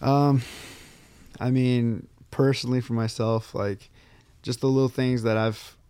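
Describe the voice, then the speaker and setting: A man's voice: mid-range voice, fairly even intonation, a little slow, mellow, smooth, no room sound. A man co-hosting a podcast in casual chat, laid-back and hesitant, with many fillers. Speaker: podcast co-host.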